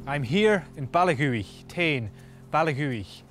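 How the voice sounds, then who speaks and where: A man's voice: on the high side, slow, faint music behind. A Scottish man presenting a language lesson on location, playful and full of puns. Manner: jokey, punning, lively. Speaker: presenter teaching words on location. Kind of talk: playful pun-filled presenting.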